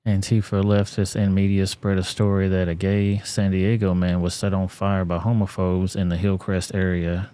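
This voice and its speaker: Man, live-stream host, casual commentary, blunt and profane, low mellow voice, dry close sound. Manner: blunt, profane, laid-back.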